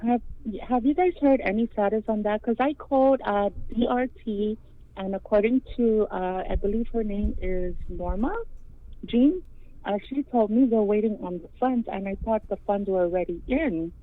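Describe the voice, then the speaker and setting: A woman's voice: medium pitch, normal speed. A woman calling into a radio show, polite and apologetic, asking questions in a rambling way. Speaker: caller. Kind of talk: phone-in question. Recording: tinny phone line.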